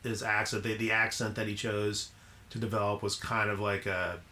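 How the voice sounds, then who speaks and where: A man co-hosting a film podcast, talking in a casual, halting way with many ums and restarts. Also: fairly low pitch, flat delivery, pushed and bright. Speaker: podcast co-host.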